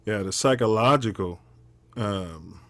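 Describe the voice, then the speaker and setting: A man hosting a talk show, explaining a video clip with measured, indignant commentary. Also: lowish voice, fairly bright tone, dry recording. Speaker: show host.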